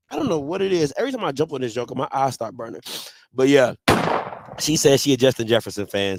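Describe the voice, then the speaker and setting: A man's voice: fairly high pitch, gravelly, no echo. A man in his thirties hosting a casual livestream from home, telling stories with lots of repetition. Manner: animated storytelling, repeats phrases. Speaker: livestream host. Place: home, snowed in.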